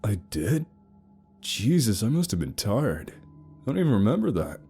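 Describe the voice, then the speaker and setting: A very deep, dark-toned man narrating a first-person horror story. He tells it wryly and with lively, expressive pitch, over faint background music. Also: moderate pace. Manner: wry, sarcastic storytelling.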